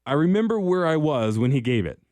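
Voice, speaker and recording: A man's voice: on the high side, sing-song, a little fast, a little mellow, no room sound. A man hosting a political talk radio show, speaking in a conversational, emphatic way with occasional restarts.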